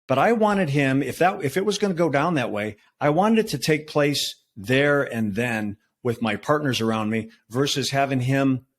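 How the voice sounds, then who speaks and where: Sixties man telling a story plainly. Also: mid-range voice. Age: 60s. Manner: relaxed, with frequent fillers and restarts. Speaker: retired federal agent, podcast guest. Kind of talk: conversational storytelling.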